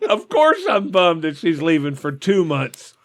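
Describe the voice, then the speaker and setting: A man's voice: a little high, big pitch swings, a little slow, vocal fry, no echo. A man in his forties co-hosting a crude podcast, telling profane stories bluntly. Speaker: podcast co-host. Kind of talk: crude casual chat.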